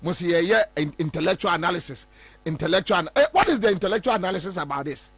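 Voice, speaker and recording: A Ghanaian man giving animated political commentary, mixing Twi and English and mimicking other people. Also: high voice, quick pace, slightly rough, no room sound.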